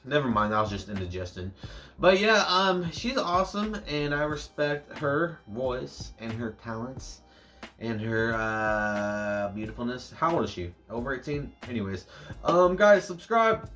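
A man's voice: mid-range voice, expressive, a little slow, fairly bright tone. A young American man hosting a music reaction, talking casually with many fillers and jokey asides. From United States.

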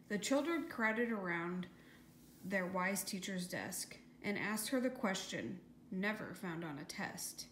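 A woman's voice: medium pitch, animated, slow pace, a bit bright. A woman reading a rhyming children's story aloud in a lilting, sing-song manner. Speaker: audiobook reader. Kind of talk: scripted rhyming storybook narration. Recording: echoey room with faint hiss.

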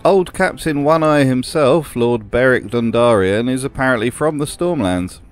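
A man narrates a comedic video essay with a mid-pitched voice and a dry, sarcastic delivery. Soft music plays underneath him. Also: animated, normal speed. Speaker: host.

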